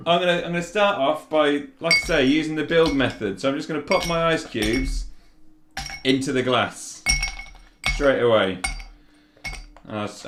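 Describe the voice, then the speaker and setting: A man hosting a relaxed cocktail demonstration, chatting casually as he makes a drink. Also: mid-range voice, reverberant, background noise. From Yorkshire, England. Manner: chatty and relaxed, with fillers and restarts. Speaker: bartender host.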